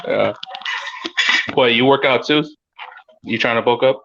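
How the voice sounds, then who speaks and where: A man in his late twenties chatting casually, easygoing and quick to agree. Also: mid-range voice, gravelly, a bit bright, slight background noise. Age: late 20s. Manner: easygoing, lots of agreeing murmurs. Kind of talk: casual chat. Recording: dull lo-fi audio.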